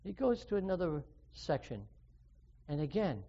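A man's voice: sits high, expressive, unhurried, long pauses, a little mellow. A man preaching a sermon, earnest and full of questions to his listeners, with sudden emphatic rises. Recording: dull lo-fi recording.

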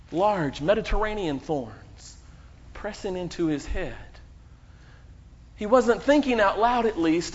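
A man pastor delivering a sermon, preaching emphatically with dramatic pauses and quoting scripture. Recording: muffled low-fidelity sound.

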